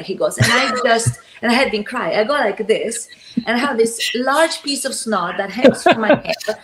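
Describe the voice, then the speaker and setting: A woman speaking as a guest actress in a casual interview, telling a story with animated voices and frequent laughter. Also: on the high side, normal speed, roomy sound, poor audio.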